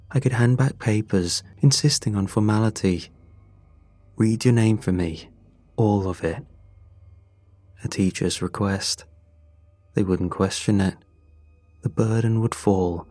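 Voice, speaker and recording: A man narrating a scripted horror story in a slow, measured, grim way. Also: on the low side, a little mellow, no echo. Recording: dry close voice over faint music. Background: faint music.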